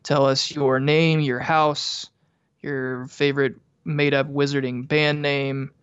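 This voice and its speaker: A man's voice: mid-range voice, little pitch movement, slow pace, a bit bright, clear, resonant tone, no echo, muffled recording. A man co-hosting a casual podcast, chatting and reading out show details. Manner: chatty, reads out show info. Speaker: podcast co-host.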